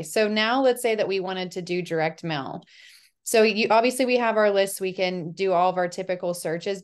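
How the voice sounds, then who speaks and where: A woman presenting a software demo in a friendly, explanatory way. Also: lowish voice, smooth. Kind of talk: screen-share tutorial.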